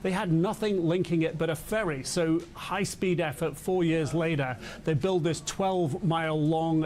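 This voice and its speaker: A male news reporter giving measured, explanatory broadcast analysis. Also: a little high, darkish tone.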